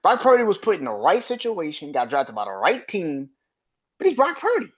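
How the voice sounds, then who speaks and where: A man's voice: high voice, wildly swooping pitch, moderate pace, husky, lo-fi sound. A man hosting a solo sports podcast, ranting with heated profanity and arguing back at imagined critics. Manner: emphatic, argues with imagined critics.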